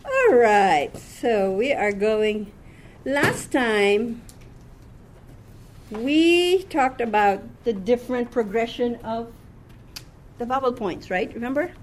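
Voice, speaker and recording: Slow, patient woman teaching a class. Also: a little high, animated, a little hiss or hum. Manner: patient, repeats words, frequent "okay?" checks. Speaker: Hebrew teacher.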